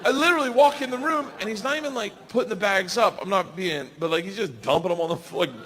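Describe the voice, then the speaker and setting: Excitable male stand-up comic, echoey room. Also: high-pitched, fast, some chatter behind. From United States. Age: 40s. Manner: loud, excitable, acts out characters. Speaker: stand-up comedian. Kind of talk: stand-up storytelling. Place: live comedy stage. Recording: reverberant live room with background noise.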